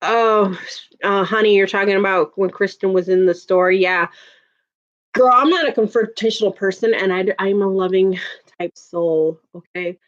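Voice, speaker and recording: A woman in her thirties from the Chicago area hosts a casual livestream, chatting with viewers and laughing often. Her voice is medium-pitched with fairly even intonation and a moderate pace. The home stream audio sounds dull and lo-fi.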